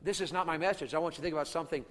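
A man preaching a sermon to a congregation. He drops to hushed asides, shouts out acted battle cries, and keeps asking the crowd to answer him. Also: on the high side, very fast, in a large hall. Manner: calls out to the congregation for responses.

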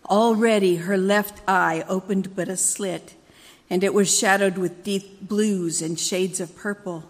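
A woman reading a dramatic story aloud at a church service, measured and expressive. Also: medium pitch, big-room sound.

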